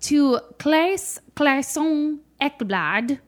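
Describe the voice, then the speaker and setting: A young woman co-hosting a podcast in easy, casual chat. Her voice sits a little high and she tells stories with animated, playful delivery. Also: drawn-out words. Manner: animated storyteller, plays with voices. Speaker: podcast co-host.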